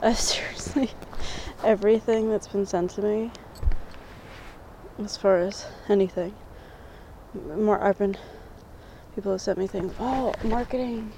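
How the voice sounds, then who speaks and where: A woman chatting casually to her viewers in a rambling way, sometimes dropping to a hushed near-whisper. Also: medium pitch, level tone, unhurried, vocal fry, long pauses, poor audio. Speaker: vlogger talking to viewers. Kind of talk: casual chat. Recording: loud background noise.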